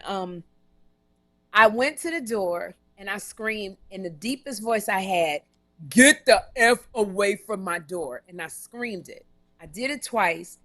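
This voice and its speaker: Live streaming casually from a hotel room, a female comedian and talk show host launches into a story, her voice a little high. She's animated and emphatic, doubling up words to drive points home. There's no room sound on the audio.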